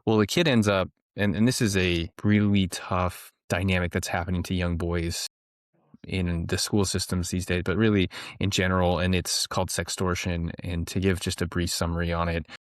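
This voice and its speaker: A man's voice: sits low, little pitch movement, normal speed, no room sound, studio quality. A man being interviewed as a guest, explaining earnestly in conversation, often restarting his sentences.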